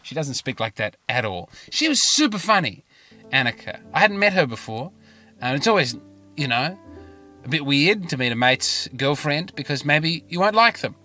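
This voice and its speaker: A man's voice: a little high, very animated, normal speed, bright, forceful tone, faint music behind. An Australian man telling a rambling comic story in a self-mocking, chatty way, recorded in his car. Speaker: comedian and podcast host. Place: parked car.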